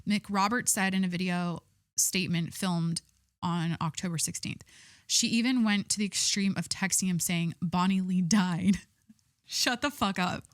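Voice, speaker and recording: A woman's voice: mid-range voice, a bit bright, no echo, studio quality. A young adult woman hosting a solo podcast, chatting casually and reading a news story aloud in an irreverent, rambling way. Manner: chatty and irreverent, with many likes and restarts. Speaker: podcast host.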